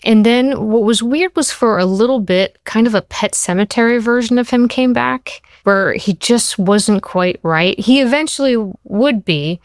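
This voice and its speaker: Lively woman telling stories in an interview. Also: on the high side, a little slow, hardly any pauses, no echo, clean studio sound. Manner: animated storyteller, acts out quoted voices. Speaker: TV writer and showrunner, guest. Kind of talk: interview conversation.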